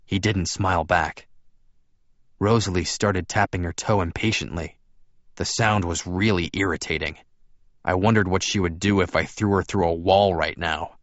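A man narrating an audiobook in a steady first-person storytelling voice. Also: low voice, moderate pace, no room sound. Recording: dull, dry lo-fi recording.

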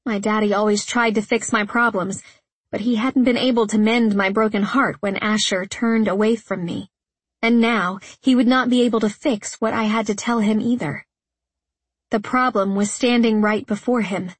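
A woman's voice: medium pitch, fairly even intonation, normal speed, slightly rough, dry recording. A woman reading first-person audiobook narration in an earnest, emotional way, close to the mic.

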